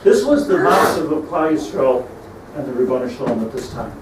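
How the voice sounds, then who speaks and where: A man's voice: mid-range voice, expressive, brisk, a little hiss or hum. A middle-aged man, a rabbi, giving a storytelling sermon that mixes Hebrew terms into English and builds to emphatic peaks. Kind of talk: sermon on lamentations. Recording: echoey room, mic at a distance, faint ambience.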